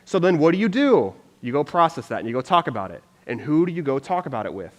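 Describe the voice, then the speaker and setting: A pastor preaching in a relaxed, talkative way, his voice sitting a bit high for a man. He fills his sentences with "like" and acts out how people react. The sound rings on with the long tail of a hall. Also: fast talker. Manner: chatty, lots of "like", acts out reactions. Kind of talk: casual sermon.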